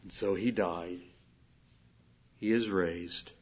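A man preaching a sermon, swinging from loud emphatic declarations to quiet, hushed storytelling. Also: deep voice, steady tone, slow, breathy edge, muffled recording. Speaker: pastor.

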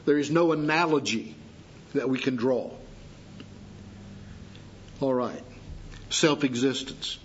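A man preaching a sermon, teaching slowly and deliberately with pauses for emphasis. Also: medium pitch, a little hiss or hum. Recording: dull lo-fi sound.

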